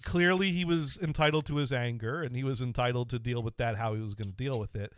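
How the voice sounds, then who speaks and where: A man's voice: medium pitch, fast, smooth. A man hosting a podcast, casually telling a long self-deprecating anecdote with frequent stops and restarts. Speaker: podcast host. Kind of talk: casual storytelling.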